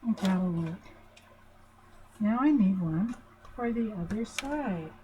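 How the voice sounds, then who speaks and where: Slow, mellow-voiced older woman teaching. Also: medium pitch, lively intonation, slight background noise, poor audio. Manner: chatty and reassuring, asks her listeners questions. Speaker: family relationship teacher. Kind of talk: informal talk at a whiteboard.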